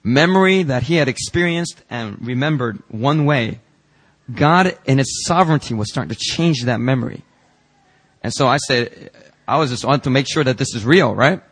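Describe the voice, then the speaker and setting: A man's voice: mid-range voice, moderate pace, breathy edge. Man preaching a personal story. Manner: animated, acts out the dialogue in his story. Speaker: pastor. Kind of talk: sermon storytelling. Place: church sanctuary.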